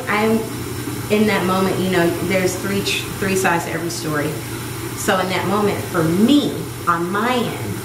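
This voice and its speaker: Woman, 30s, candid emphatic storytelling, lowish voice, echoey room, audible background noise. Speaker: vlog host. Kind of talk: personal storytelling to camera.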